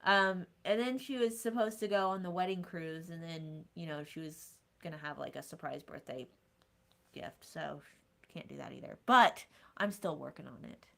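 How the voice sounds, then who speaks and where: A woman with a slightly low voice co-hosting a relaxed live chat show. She chats loosely and often lets her sentences trail off quietly. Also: normal speed, creaky. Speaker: co-host of a live cruise show. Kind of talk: casual live-stream chat.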